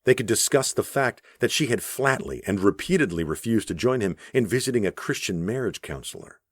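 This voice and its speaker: A man narrating an audiobook in a measured, even storytelling voice on a close studio mic. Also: on the low side, breathy edge, no room sound. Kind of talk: scripted narration.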